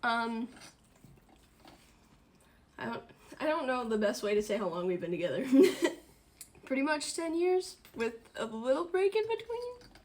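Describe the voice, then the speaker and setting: Bubbly young woman, slightly high voice. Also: expressive, a little slow, pauses often. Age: 20s. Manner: chatty and giggly, laughs often. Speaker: streamer hosting a dinner stream. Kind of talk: casual livestream chat. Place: at home.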